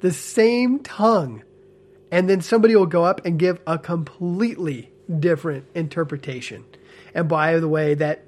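A man in casual spoken commentary, animated and earnest with a smile in his voice, often checking in with "okay?" and "right?". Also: on the high side. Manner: animated, frequent tag questions like "okay?" and "right?"; talks with a smile, amused and earnest. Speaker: ex-church member commentator.

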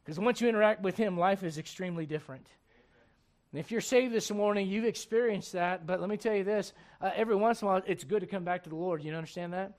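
A man in his thirties preaching a sermon in a conversational way, swinging between loud emphasis and hushed asides. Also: high-pitched, fast. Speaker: pastor.

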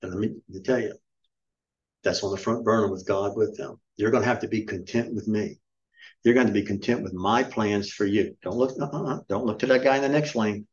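A man's voice: fairly low pitch, fairly quick, muffled recording. A middle-aged man preaching a sermon as pastor, emphatic and scolding, firing off rhetorical questions. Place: church.

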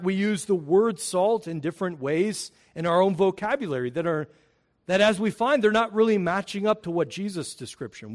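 A middle-aged man preaching a sermon as a pastor, earnest and emphatic, leaning hard on key words. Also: high-pitched.

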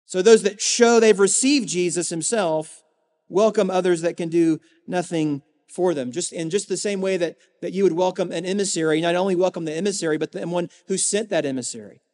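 A man preaching a sermon as a pastor, earnest, with rhetorical emphasis and dramatic pauses. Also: sits high, a little mellow. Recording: long hall reverb.

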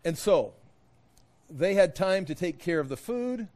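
Man, Bible teacher, slightly high voice, folksy conversational retelling, explains Hebrew words. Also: lively intonation, measured pace, a little mellow.

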